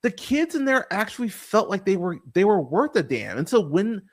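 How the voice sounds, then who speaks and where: A man's voice: high-pitched, normal speed. A man hosting a movie review podcast, talking in a casual, profane, exasperated rant. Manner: animated, swearing, exasperated.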